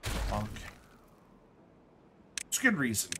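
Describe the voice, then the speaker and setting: A man's voice: fairly low pitch, wildly swooping pitch, slow pace, a bit bright, slight background noise. Chatty man streaming a game. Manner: thinks aloud, chatty and self-correcting; jokey asides. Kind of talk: casual live-stream commentary.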